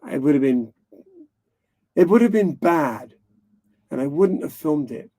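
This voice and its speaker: A man's voice: a little high, expressive, measured pace, warm tone. A man hosting a live stream, talking casually and rambling frankly, swearing now and then.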